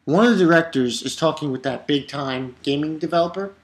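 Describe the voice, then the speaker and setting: A man casually recapping an anime episode, excitable and animated, with the odd curse word. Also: on the high side, a little fast. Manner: excitable, animated retelling with swearing. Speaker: anime reviewer.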